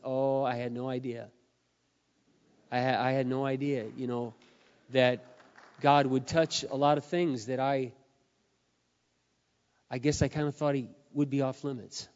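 A middle-aged man preaching a sermon, earnest and confessional, swinging between quiet admissions and loud emphatic peaks, his voice wearing hoarse. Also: mid-range voice, level tone, measured pace, pauses often. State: losing his voice. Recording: muffled sound in a reverberant hall.

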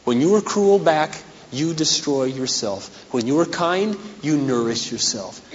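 A man preaching a sermon as pastor, dramatic and humorous, acting out scenes, his voice going hoarse. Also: mid-range voice, expressive, a little slow, slight background noise. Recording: echoey hall on dull lo-fi recording.

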